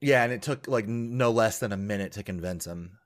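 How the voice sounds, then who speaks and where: A man with a lowish voice talks through a reality show episode in a loose, rambling way, dropping fillers and laughing as he goes. It's relaxed conversation among friends. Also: a little fast. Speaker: podcast co-host. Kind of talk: casual chat recapping a reality show.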